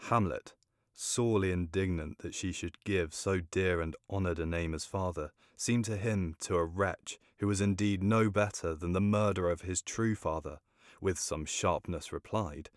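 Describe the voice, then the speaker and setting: A man reading a classic story aloud in a measured, formal narration. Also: deep voice, no echo, studio quality.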